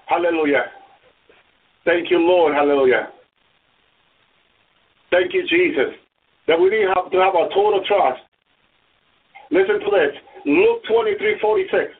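A male preacher giving an impassioned sermon, breaking in with murmured hallelujahs and rising to loud cries. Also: fairly high pitch, lively intonation, moderate pace, long pauses, breathy edge. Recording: tinny phone-like radio sound from far off.

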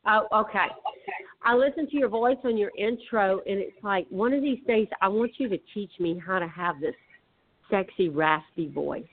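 A woman's voice: mid-range voice, moderate pace. Chatty Southern woman on a phone line. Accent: Southern US twang. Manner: chatty, many restarts and fillers. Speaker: guest author. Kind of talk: casual conversation.

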